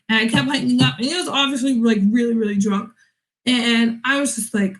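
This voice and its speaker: A young woman vlogging casually from home, telling a story in a lively way and acting out both sides of conversations. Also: high voice, normal speed, low-quality recording.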